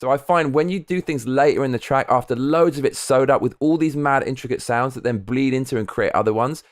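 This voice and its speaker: Male streamer, casual and rambling, mid-range voice, explains ideas aloud with plenty of swearing. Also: medium pitch. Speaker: livestreamer making a music track. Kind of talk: casual livestream chat.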